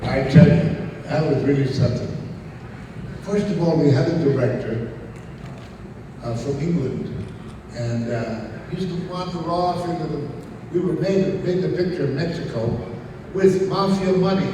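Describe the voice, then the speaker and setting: Older male raconteur, gruff storytelling, reedy high voice, echoey distant hall sound. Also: moderate pace, pauses often, background noise. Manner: raconteur, gruff and salty, laughing asides. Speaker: convention guest. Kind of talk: storytelling Q&A on stage. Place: large convention hall. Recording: echoey hall, mic heard from afar. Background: audience laughter.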